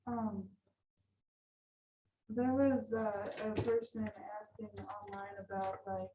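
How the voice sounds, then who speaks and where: A woman student speaking up in a classroom, halting and hesitant. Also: medium pitch, fairly even intonation, dark tone, a little hiss or hum, rough recording. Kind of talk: classroom question.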